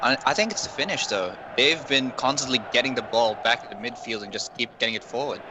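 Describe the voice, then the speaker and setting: A man giving casual co-commentary and analysis on a video game football match, in a relaxed, chatty way. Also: mid-range voice, fast, noisy background. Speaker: color commentator.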